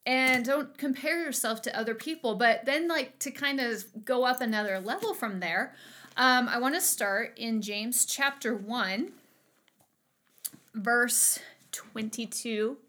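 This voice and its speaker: A woman's voice: fairly high pitch, unhurried, sharp tone. A woman in her thirties giving a casual livestream Bible teaching, chatty and bubbly, drifting into tangents and laughing at herself.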